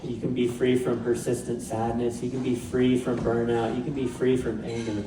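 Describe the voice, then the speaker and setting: A man's voice: mid-range voice, flat delivery, normal speed, background noise. A male pastor preaching a sermon in a conversational way with light humor. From Pacific Northwest, USA. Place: church sanctuary. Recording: roomy church sound from a distant mic.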